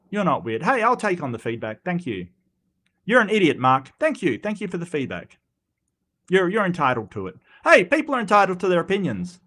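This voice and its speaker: A man's voice: high-pitched, fairly bright tone. An Australian man hosting a live commentary stream, reading chat comments and answering them. He talks bluntly and wryly, often restarting his sentences. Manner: halting, many restarts, blunt and wry.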